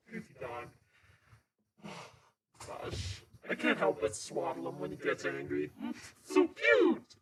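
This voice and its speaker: A man's voice: on the high side, animated, slow pace, creaky, pauses often, very noisy. A male streamer cooing and gushing in baby talk to his pet dog. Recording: music playing loudly behind.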